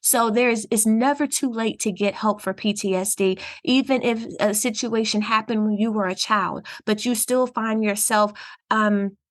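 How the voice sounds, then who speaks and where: A woman's voice: fairly high pitch, fairly even intonation, moderate pace. A woman counselor with a Southern US accent, explaining things earnestly in a podcast interview. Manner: earnest, explanatory, warm laughs. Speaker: counselor guest.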